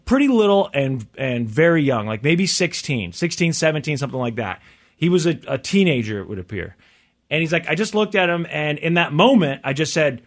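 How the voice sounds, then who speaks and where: Fast-talking man telling a story. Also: fairly high pitch, lively intonation, a bit bright. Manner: fast storytelling, acting out quotes. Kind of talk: casual chat.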